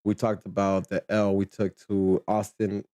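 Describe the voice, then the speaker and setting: A man hosting a fan podcast in relaxed casual chat, often repeating words as he starts sentences. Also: on the low side, measured pace, no room sound. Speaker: podcast host.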